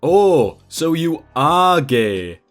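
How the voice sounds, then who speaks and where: A man voicing a rude, bigoted male hotel guest who talks loud and sneering. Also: on the high side, sing-song, extremely slow, soft background music, pitched above the performer's own voice, exaggerated voice.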